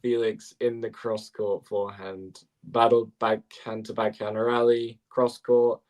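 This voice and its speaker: A man calling live tennis play-by-play as co-host, brisk and quick to correct himself with apologetic asides. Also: fairly low pitch, little pitch movement, a little mellow.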